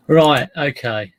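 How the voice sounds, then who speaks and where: A man hosting a casual live stream about his online resale listings, talking in a deadpan, joking way. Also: on the high side. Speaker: livestream host.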